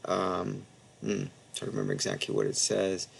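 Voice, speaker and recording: A man giving a casual Bible lesson, talking through a passage with frequent fillers and asides and sounding out Greek words slowly. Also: sits low, sing-song, creaky, slight background noise. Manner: conversational, many fillers and asides, reads Greek haltingly. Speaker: Bible teacher. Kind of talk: casual teaching presentation.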